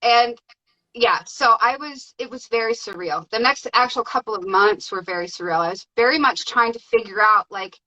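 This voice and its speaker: A woman guest telling her story in a casual, excited way, with many fillers. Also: fairly high pitch, normal speed, highs cut off. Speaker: podcast guest.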